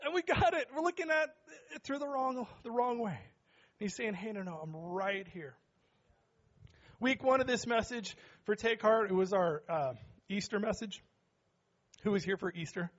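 A man with a notably high voice preaches to his church, teasing the congregation one moment and shouting the next. The recording sounds dull and lo-fi, as if captured on a modest sound system. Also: moderate pace. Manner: joking with the congregation, rising to shouts. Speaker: pastor. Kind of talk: sermon. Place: church sanctuary.

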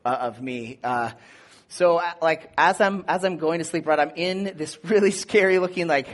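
A man with a high, light voice preaches in a loose, conversational way. He is lively and animated, full of "like" and "you know", and he jumps into a higher shout whenever he acts out a scene. He sounds like a pastor telling a story to his congregation. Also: moderate pace. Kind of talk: casual sermon with personal story.

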